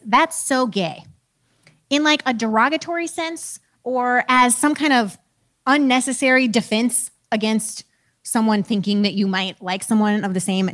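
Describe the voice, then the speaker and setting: Lively, higher-voiced woman teacher. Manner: conversational, self-deprecating, laughs often. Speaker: preacher and teacher. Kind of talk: casual teaching talk.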